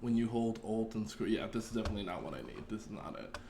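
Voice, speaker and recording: A man's voice: on the low side, lively intonation, fast talker, gravelly, darkish tone, a little hiss or hum. A man streaming his game development, chatting casually and rambling with viewers, self-deprecating and cursing now and then. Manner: rambling, self-deprecating, swears and laughs, talks to chat. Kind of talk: casual live-stream chat while coding.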